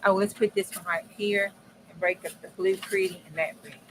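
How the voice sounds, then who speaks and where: The audio is poor, with steady background noise, and the woman talks briskly at a medium pitch. She hosts a crafting video from a home craft table, chatting folksy and direct to viewers in dialect phrasing while she works.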